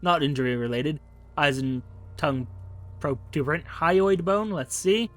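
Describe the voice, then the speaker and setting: A man's voice: on the high side, measured pace, a bit bright. Man reading game text aloud. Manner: casual, wry asides while reading. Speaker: game streamer.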